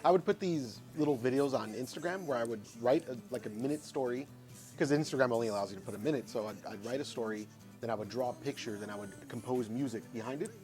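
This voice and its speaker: A man's voice: mid-range voice, fast talker, darkish tone, faint music behind. A man talking as a guest on a casual podcast, easygoing and modest, often repeating his words.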